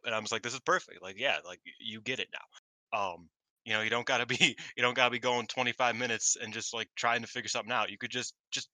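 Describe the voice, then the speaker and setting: An animated man talking shop on a podcast, his lowish voice bright and forceful. He swears freely and acts out quotes with lively energy. The sound is dry and close. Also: no echo. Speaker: podcast co-host. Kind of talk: casual chat.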